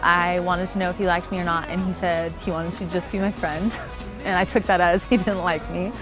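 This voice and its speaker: A bride-to-be in her twenties recounts how she met her fiancé in a casual interview, laughing often and acting out her own quotes. Her voice sits on the low side with little pitch movement, and she talks a little fast. Soft music plays underneath.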